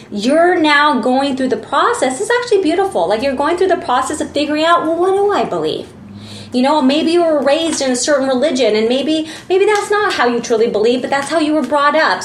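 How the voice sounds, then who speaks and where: A woman's voice: sits high, roomy sound, slight background noise. A woman giving a casual, earnest tarot reading, chatty and full of fillers. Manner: chatty, earnest, lots of fillers and acted asides. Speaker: tarot reader.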